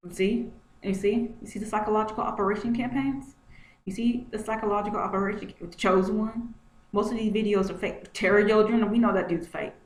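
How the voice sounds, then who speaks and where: A woman's voice: medium pitch, steady tone, a little fast. Agitated woman repeating herself, roomy echo. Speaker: vlogger. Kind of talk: screen-share commentary. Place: home, at a computer. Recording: roomy echo, faint noise.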